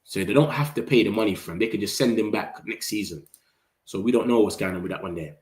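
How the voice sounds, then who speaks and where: A man, talking excitably in slang as a football fan streamer and reacting to his chat. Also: lowish voice, fast talker. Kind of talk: casual livestream commentary. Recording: roomy echo.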